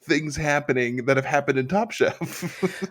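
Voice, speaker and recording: A man's voice: a little high, unhurried, a bit bright. A man co-hosting a podcast in casual chat, making dry joking remarks. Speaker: podcast co-host.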